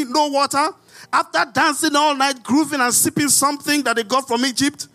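Brief: Nigerian pastor, high voice, animated sermon with rhetorical questions and outbursts, faint music under. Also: male voice, moderate pace. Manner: animated preaching, rhetorical questions, sudden shouts.

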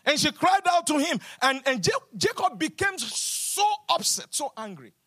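A man preaching a sermon as pastor, repeating phrases for emphasis and swinging between loud declarations and hushed lines. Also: very high voice, big pitch swings, moderate pace.

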